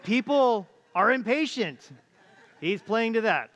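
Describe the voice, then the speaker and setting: A man's voice: high-pitched, animated, slow pace, a bit bright, dull audio. A middle-aged man preaching a conversational sermon as pastor, acting out quoted voices, recorded in a church auditorium. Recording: church hall reverb.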